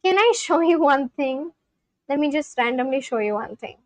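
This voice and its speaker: High-voiced woman chatting on stream. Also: expressive, normal speed, dry recording. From India. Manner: thinks aloud, answers chat questions, repeats practice phrases with many restarts. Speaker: livestreamer learning a language. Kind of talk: casual live-stream chat.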